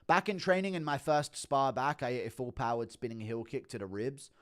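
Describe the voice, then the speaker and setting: A man's voice: mid-range voice, brisk, fairly bright tone, close to an everyday voice. A man impersonating a rambling male fighter who keeps talking over interruptions. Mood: earnest rambling.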